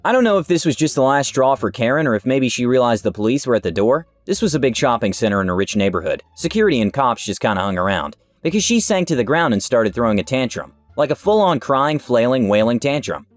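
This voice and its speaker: Animated man reading internet stories. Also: mid-range voice, fast talker, few pauses. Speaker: story narrator. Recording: dry with faint music behind.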